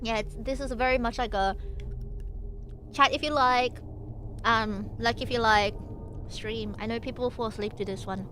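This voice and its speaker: A woman's voice: on the high side, steady tone, moderate pace, pauses often, fairly bright tone, slight background noise. Giggly, playful woman streamer. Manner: playful, giggly, jokey asides; chats with viewers between passages. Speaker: VTuber streamer. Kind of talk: casual stream chat and reading aloud.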